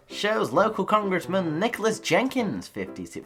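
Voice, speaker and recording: Woman host reading weird news for laughs; lower voice, wildly swinging pitch, keeps cracking up. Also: sing-song, normal speed, fairly bright tone, husky. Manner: giggly, swears, jokey asides and silly voices. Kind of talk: comedic news reading with asides.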